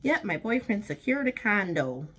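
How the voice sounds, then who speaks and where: A woman's voice: mid-range voice, sing-song, normal speed, a bit bright, pitched above the performer's own voice. A woman mimicking her former friend as a breezy, self-important woman who talks in an offhand, airy way.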